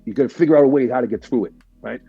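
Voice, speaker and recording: A man's voice: mid-range voice, rapid-fire, creaky, warm tone, husky, no echo, lo-fi sound, faint music behind. A man, a military veteran, talks candidly as a podcast guest and keeps asking "right?" while he swears casually. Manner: candid, profane, full of "right?" and "like". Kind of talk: casual storytelling.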